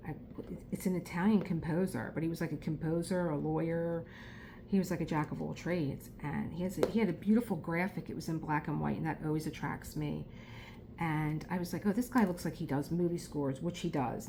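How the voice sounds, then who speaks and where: A woman's voice: low-pitched, gravelly, noisy background. A middle-aged woman with a South Philadelphia accent, chatting casually and rambling as she crafts, laughing often. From Philadelphia, USA. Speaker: crafting vlogger. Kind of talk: casual chat while crafting.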